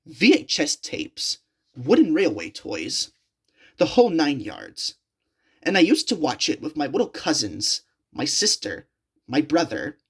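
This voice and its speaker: Slow, husky woman telling a creepypasta. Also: deep voice. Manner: slow, halting storytelling. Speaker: storyteller. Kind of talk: reading a creepypasta story.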